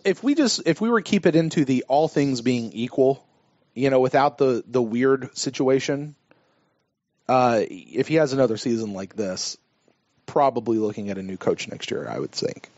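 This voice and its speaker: A man co-hosting a sports podcast, reading listener emails aloud and giving his take in a measured, self-deprecating way. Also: mid-range voice, animated, a little mellow, no echo. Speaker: podcast co-host. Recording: dull, dry lo-fi podcast audio.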